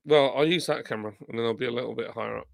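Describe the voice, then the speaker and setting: A man's voice: mid-range voice, racing, vocal fry, no room sound, clean studio sound. A tired man, streaming live and reading viewer comments aloud in a rambling, self-deprecating, chatty way.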